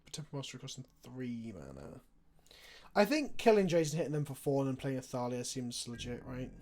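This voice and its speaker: A man's voice: medium pitch, big pitch swings, a little fast, darkish tone. A young man chatting casually on a live stream, talking through his card game plays and answering viewer questions.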